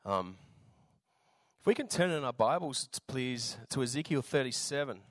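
A man with an Australian accent and a slightly raspy voice, preaching a sermon in a relaxed, jokey way with lots of fillers. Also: mid-range voice, normal speed, no room sound. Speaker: visiting preacher.

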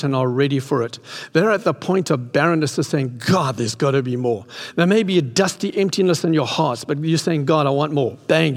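A man's voice: on the high side, vocal fry. A man in his sixties preaching an impassioned sermon in a church hall. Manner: impassioned, rising to excited peaks. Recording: long hall reverb.

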